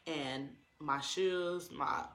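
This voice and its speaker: A man's voice: fairly high pitch, fairly even intonation, very slow, sharp tone, roomy sound. A man telling a personal story to his viewers in an earnest, emotional way, full of likes and ums.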